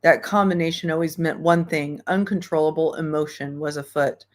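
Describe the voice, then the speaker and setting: A woman hosts an online book club in a low voice. She reads passages aloud, then talks about them frankly and ramblingly, full of fillers and the odd curse. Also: steady tone, normal speed. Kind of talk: reading aloud and casual book discussion.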